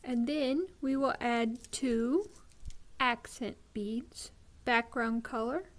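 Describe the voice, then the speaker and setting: Woman, craft tutorial host, slightly high voice, unhurried, step-by-step, ums and pauses. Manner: slow, patient, with frequent ums and pauses.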